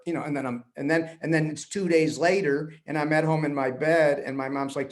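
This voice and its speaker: A man's voice: fairly high pitch, brisk. A man as a podcast guest, telling a long personal story and acting out the voices of the people in it. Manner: animated storyteller, acts out quoted voices. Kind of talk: storytelling in conversation.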